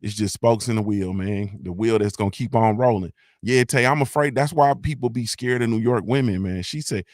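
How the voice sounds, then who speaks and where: Middle-aged guy from ohio by way of mississippi, loose rambling live chat, mid-pitched voice, dry close sound. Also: normal speed, no echo. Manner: loose, repetitive, says "you feel me" constantly, swears freely. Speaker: morning show host. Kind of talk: casual live-stream chat with chat readers.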